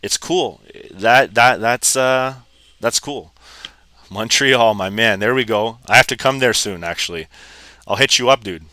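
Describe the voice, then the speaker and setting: A Canadian man hosting a live trading stream, chatting casually and excitedly greeting viewers by name. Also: mid-range voice, measured pace, no echo.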